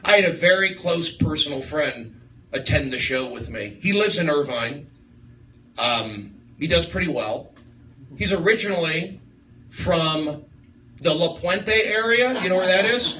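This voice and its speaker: A man doing a rambling stand-up set, riffing excitably on the crowd in a small comedy room. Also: a little high, unhurried, pauses often. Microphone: far live-stream phone mic. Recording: echoey, distant livestream with room noise.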